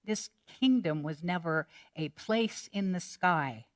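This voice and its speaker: A woman pastor preaching a sermon in a lowish, unhurried voice. She speaks in measured, reflective phrases. She slips easily into playful joke-telling.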